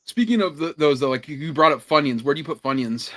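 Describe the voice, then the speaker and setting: A man's voice: a little high, expressive, quick pace, fairly bright tone. A man co-hosting a podcast in casual chat, telling stories with laughs and swearing. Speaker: podcast co-host.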